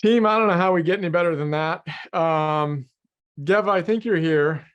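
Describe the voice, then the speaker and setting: Effusive male host of an online group chat, voice on the higher side. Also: normal speed, smooth, dull audio. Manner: effusive, warm sign-offs.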